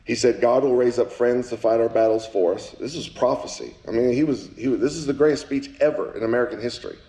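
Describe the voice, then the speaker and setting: A man giving a live speech at a public celebration, folksy, with jokes for the crowd, and slow and emphatic on his key lines. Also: medium pitch, dark tone. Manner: folksy, joking asides with the crowd. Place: event hall. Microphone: handheld mic at a podium. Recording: echoey room.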